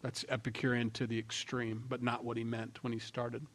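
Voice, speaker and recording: A male pastor preaching a sermon at a middle pitch. He talks to the congregation casually, with asides, sometimes loud for emphasis and sometimes dropping to a quiet aside. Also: completely flat delivery, normal speed. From Norwegian heritage. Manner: conversational, with asides and sudden shifts between loud emphasis and quiet remarks.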